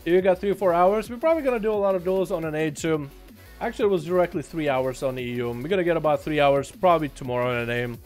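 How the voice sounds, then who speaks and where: A man's voice: on the high side, fast, a little mellow, soft background music. A man from Russia hosting a game livestream, calling duels play by play with jokes and casual slang. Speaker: livestream host and duel commentator. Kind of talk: live game commentary and chat talk.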